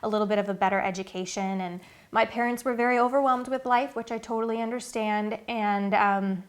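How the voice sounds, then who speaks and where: A woman's voice: on the high side, steady tone, brisk. Chatty earnest mother vlogging. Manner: earnest, chatty, with many fillers. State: getting emotional, near tears. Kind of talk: casual talk to camera.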